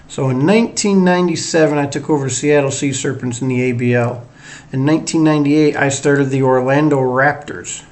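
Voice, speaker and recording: A man's voice: medium pitch, a little fast, darkish tone. Middle-aged man, Northern US accent mixed with a Southern drawl, rambling sports host, casual and self-deprecating. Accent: mix of Northern US and Southern US drawl. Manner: rambling, chatty, many fillers and self-deprecating asides. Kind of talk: casual solo sports talk.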